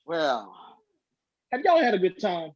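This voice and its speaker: A man's voice: sits high, huge pitch swings, measured pace, noisy background. A man hosting a virtual comedy show, speaking directly to the audience in an upbeat way. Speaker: show host. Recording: dry, dull lo-fi stream audio.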